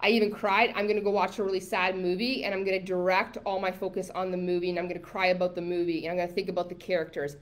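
A woman coaching a live online masterclass, chatty and emphatic, with many likes and rights, sometimes reading viewer comments aloud. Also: fairly low pitch.

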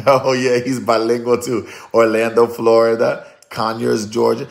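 A man, a prophetic minister chatting on a live stream, lively and chatty as he calls out viewers' names and places. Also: mid-range voice, moderate pace, gravelly. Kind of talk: casual live-stream chat greeting viewers.

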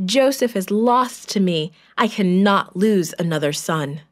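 A woman's voice: mid-range voice, lively intonation, unhurried, lightly acted. A woman doing a firm grieving old father.

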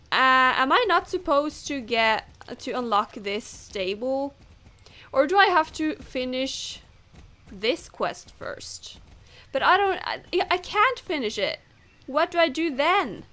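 A woman's voice: sits high, bright, forceful tone. A woman who is not a native English speaker, chatting casually over gameplay and laughing off her own misreads. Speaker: gamer.

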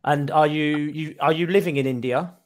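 A man's voice: on the high side, fairly even intonation, normal speed. A man working as an online English tutor, explaining things in a friendly way with frequent restarts, heard over a video call. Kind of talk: casual tutoring chat.

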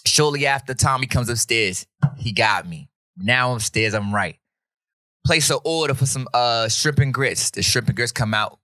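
Guy hosting a podcast, bright voice, dry close mic, super animated storytelling. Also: medium pitch, normal speed, no echo. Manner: animated, slangy, acts out quoted voices. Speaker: podcast host. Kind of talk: casual storytelling chat.

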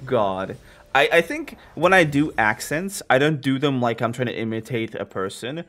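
A man's voice: medium pitch, a bit bright. A young man giving live commentary on his own gameplay, playful and jokey, talking to his chat. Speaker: gamer streaming his gameplay.

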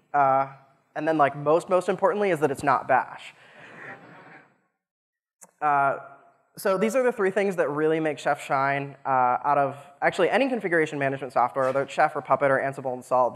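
A man's voice: a little high, a bit bright. Joking young man on a hall stage. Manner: casual, joking, many "uh" fillers. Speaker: conference speaker. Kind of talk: technical conference talk. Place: large conference hall. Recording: long hall reverb.

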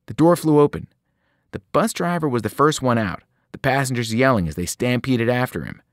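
Lively male storybook reader. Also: mid-range voice, dry recording, clean studio sound. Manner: lively storytelling with sudden voiced cries. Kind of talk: reading a novel aloud.

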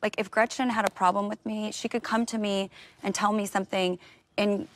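A woman on a reality reunion, defending herself with halting restarts. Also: mid-range voice, level tone, slight background noise. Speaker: reality show cast member.

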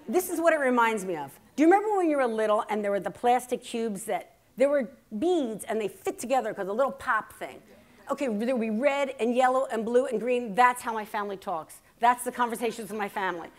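A woman in her fifties with a fairly high voice speaks from a workshop stage. Her delivery is chatty and self-deprecating, full of comic asides. At times she slows into earnest reflection. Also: animated. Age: 50s. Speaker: keynote speaker. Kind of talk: humorous storytelling speech. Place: stage at a writers' workshop, before a live audience.

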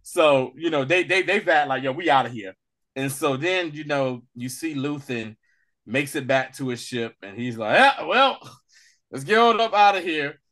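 Bright, animated man recapping a show. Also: a little high. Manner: animated, acts out scenes in quick voices, laughs often. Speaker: podcast co-host. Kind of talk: casual recap chat.

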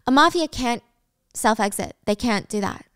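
A fearless teenage girl, voiced by a woman storyteller speaks evenly and without fear. The tone is smooth and clear, fairly high, recorded close and dry. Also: normal speed, no room sound. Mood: calm. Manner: flat, composed.

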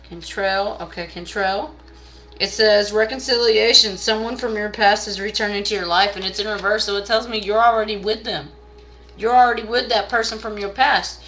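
A woman's voice: steady tone, normal speed, a bit bright, poor audio. A woman doing a casual live tarot reading, blunt and profane, scolding viewers and pushing sales. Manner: pushy sales pitch.

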